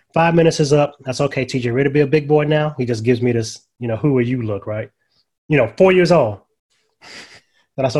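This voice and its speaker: An older man, a chaplain guest, casually telling a personal story in a folksy, conversational way and dropping softly into quoted dialogue. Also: medium pitch. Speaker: guest, grief ministry chaplain.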